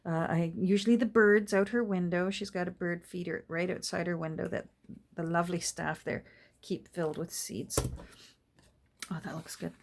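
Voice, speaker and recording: Middle-aged woman, somewhat low voice, relaxed and chatty, talks to her craft supplies as she works. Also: normal speed, slight background noise. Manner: chatty and rambling, soft asides to her materials. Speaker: junk journal crafter and vlogger. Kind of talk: casual chat while crafting.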